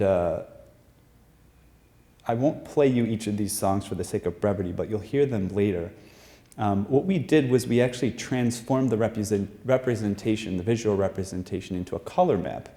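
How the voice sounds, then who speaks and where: Halting man giving a live science talk. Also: lowish voice, warm tone. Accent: American. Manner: halting, many fillers and restarts, explanatory. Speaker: researcher presenting his study. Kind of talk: live lecture presentation. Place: performing arts center stage.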